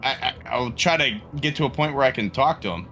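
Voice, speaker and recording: A man's voice: mid-range voice, fairly quick, slight background noise. A man joking casually as a player in a tabletop game. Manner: lively, joking asides.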